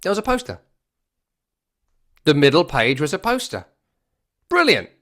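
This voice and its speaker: A man's voice: on the high side, huge pitch swings, moderate pace, a bit bright. A man hosting a football podcast, giving a casual, wry match review and repeating phrases for emphasis. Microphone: works regularly on a microphone.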